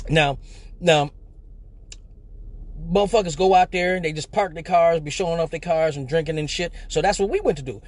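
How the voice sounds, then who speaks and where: Man from Michigan, high-pitched, cussing his way through a casual live-stream story. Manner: profane, animated, slangy storyteller. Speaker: live show host.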